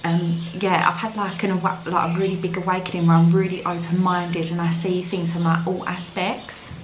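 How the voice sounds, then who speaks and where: A woman's voice: on the low side, little pitch movement, a little fast, reverberant, music in the background, low-quality recording. A young woman with a London accent chatting casually to camera as a vlogger, filling her talk with "like". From London, England. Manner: chatty, full of "like" fillers. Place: outdoors in the evening.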